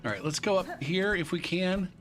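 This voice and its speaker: A man streaming a live playthrough, excitable and swearing a lot as he talks to himself over clear game music. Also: sits high, normal speed. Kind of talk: live gameplay commentary.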